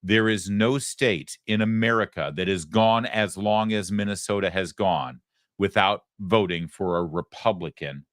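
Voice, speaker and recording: Man, middle-aged, from Michigan, talk show host, emphatic, sarcastic, low voice, dry sound. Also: fairly bright tone, dry recording. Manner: sarcastic, emphatic, quick asides. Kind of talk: political talk show monologue.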